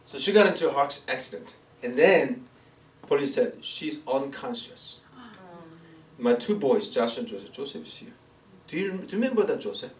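A middle-aged man with a Korean accent, a native Korean speaker, preaching a lively personal testimony as a pastor, acting out voices and laughing often. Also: medium pitch, moderate pace. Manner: animated storytelling, acts out voices, laughs often, sings. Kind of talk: sermon testimony. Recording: echoey room from far off, faint noise.

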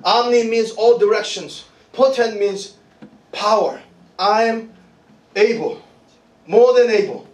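High-pitched preacher man in an echoey hall. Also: slow, pauses often. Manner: excited, laughing often, repeats words. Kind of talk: sermon with call-and-response. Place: church hall with congregation. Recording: roomy hall, from a distance.

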